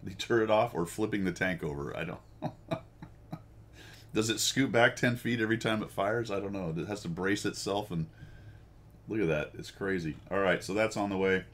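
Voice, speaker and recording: A man's voice: fairly low pitch, moderate pace, a bit bright. An American man hosting a casual chat with viewers, rambling and self-deprecating and laughing often. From United States. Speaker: host.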